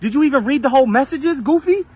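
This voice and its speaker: High voiced guy scolding his partner, sarcastic, bit of background noise. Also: animated, fast talker. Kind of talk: filmed real-life argument clip.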